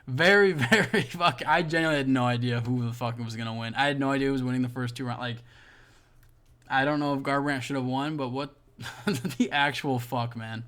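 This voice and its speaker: A man hosting a casual reaction video, reading fan comments and ranting with lots of swearing, swinging between mutters and loud outbursts. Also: medium pitch, fairly even intonation, a little fast. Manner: profane, exasperated ranting.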